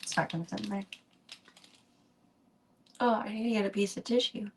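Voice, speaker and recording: A woman streamer chatting softly with viewers, sometimes whispering, then reading a novel aloud in a calm, unhurried way. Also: mid-range voice, slight background noise. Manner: soft-spoken, drifting into whispers. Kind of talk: casual chat and book reading on a stream.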